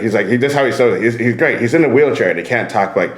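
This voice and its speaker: A man's voice: medium pitch, fast, few pauses, roomy sound. A man hosting a comedy podcast, chatting crudely and rambling, laughing often. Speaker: podcast host. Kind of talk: casual comedic chat.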